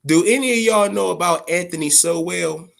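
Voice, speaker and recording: A man's voice: sits high, moderate pace, gravelly, a bit bright. A man hosting a casual live-stream chat, swearing freely, repeating himself for emphasis and talking straight to his viewers. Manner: profane and rambling, addresses viewers directly.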